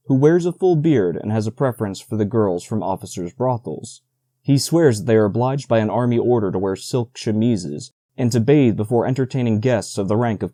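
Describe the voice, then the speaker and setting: A man narrating an audiobook in a steady, even storytelling manner, close to the mic. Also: on the low side, dry recording. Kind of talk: scripted narration.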